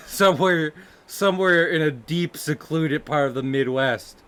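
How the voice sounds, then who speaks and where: This artist draws on a livestream while chatting in a loose, rambling way, giggling and frequently breaking into laughter and restarting. His voice is clean in tone, a bit bright, a little high, and a little slow.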